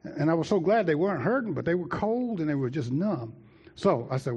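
Lively preacher man telling a story. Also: fairly high pitch, brisk, husky, muffled recording. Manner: lively, talks to the congregation directly. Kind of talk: sermon storytelling.

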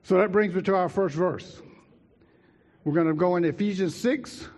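A man preaching, telling a childhood story with lively asides to the congregation. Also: sits high, moderate pace. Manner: lively, talks to the congregation directly. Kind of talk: sermon storytelling.

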